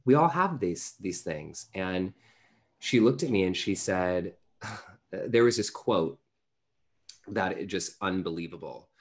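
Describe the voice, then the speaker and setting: A man's voice: sits low, animated, slow pace, long pauses. A man in his thirties, an interview guest telling a personal story earnestly, with lots of fillers. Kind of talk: storytelling in conversation.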